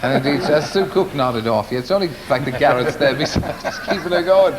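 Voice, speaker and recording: A man hosting a late-night telethon, ribbing his guests with playful mock-posh asides. His voice is a touch high and swings widely in pitch. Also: animated, a little fast, crowd noise. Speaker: telethon host. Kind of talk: teasing live telethon banter. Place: television studio.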